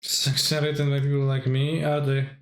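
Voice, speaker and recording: A man's voice: medium pitch, completely flat delivery, normal speed, roomy sound. A man streaming himself playing a card game, talking through his plays and answering chat viewers as he goes. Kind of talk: casual gameplay commentary.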